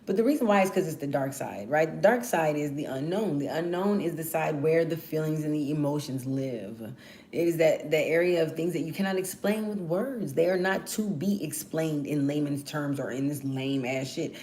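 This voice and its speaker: Casual: woman from texas, around 40, cussing and rambling, playful, lowish voice. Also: moderate pace, a little mellow. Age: about 40. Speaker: podcast host. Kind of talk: casual monologue to camera.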